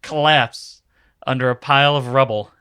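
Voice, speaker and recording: A comedian joins a podcast as a guest and retells a movie in a casual, laughing chat. His voice is bright and forceful, at a middling pitch. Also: fairly even intonation, normal speed, clear, resonant tone, no echo, studio quality.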